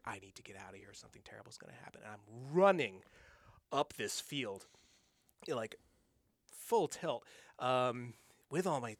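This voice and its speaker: A man's voice: medium pitch, no echo. Man telling a rambling ghost anecdote. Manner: rambling, animated anecdote with many fillers and restarts. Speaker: guest. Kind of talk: casual storytelling. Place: studio.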